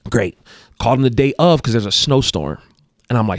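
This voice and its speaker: A man's voice: on the low side, fast talker, no room sound, clean studio sound. A man who coaches basketball, telling a story in casual chat, rambling with restarts and self-corrections. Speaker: guest, basketball coach and athletic director.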